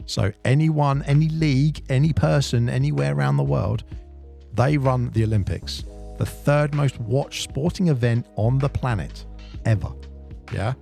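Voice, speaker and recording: A man's voice: medium pitch, measured pace, creaky, mellow, soft background music. A man co-hosting a casual podcast, chatty and explaining things at length with restarts. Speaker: podcast co-host. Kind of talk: casual chat.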